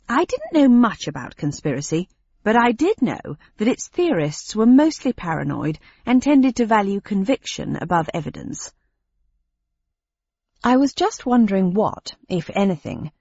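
A woman narrating a story in the first person, wry and steady. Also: medium pitch, husky, dry recording. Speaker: audiobook narrator. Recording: dry, slightly dull lo-fi sound.

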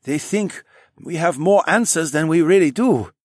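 A man's voice: on the high side, animated, a little slow, dry recording, studio quality, voice pushed up. A man voicing a friendly, helpful young man in an audiobook.

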